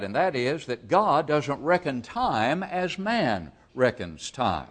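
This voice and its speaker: Man preaching an evening Bible lesson. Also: medium pitch. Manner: measured, emphatic, with frequent hesitant fillers; asks the listeners questions. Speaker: preacher teaching a Bible class.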